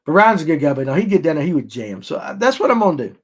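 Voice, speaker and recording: A man's voice: a little high, rapid-fire, breathy edge. A man hosting a casual podcast, telling stories and acting out other people's lines. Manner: animated storyteller who acts out other people's lines. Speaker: fishing podcast host.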